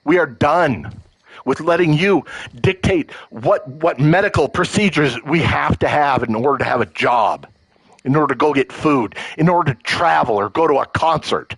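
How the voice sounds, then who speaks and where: On a livestream with poor audio and no echo, a man delivers a heated, emotional, profane political rant, frequently tripping over words and restarting. His slightly high voice is lively and fairly bright with a breathy edge, at a moderate pace.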